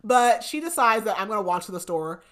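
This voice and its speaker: A woman hosting a podcast, casually retelling a novel's plot with animated quoted dialogue and frequent laughs. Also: mid-range voice, brisk. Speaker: podcast host. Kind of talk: casual book recap chat.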